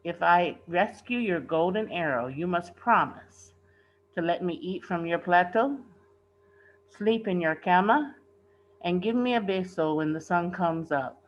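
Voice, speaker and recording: A woman's voice: fairly low pitch, measured pace, highs cut off, a little hiss or hum, lightly acted. A woman reading a play aloud, voicing a clever, sly female frog under a spell. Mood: firm.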